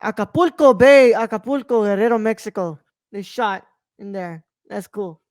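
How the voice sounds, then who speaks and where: This female podcast co-host reviews a film in a loose, casual chat, leaning on fillers and swearing now and then. She has a darkish, medium-pitched voice at a moderate pace, captured in clean studio sound without room noise.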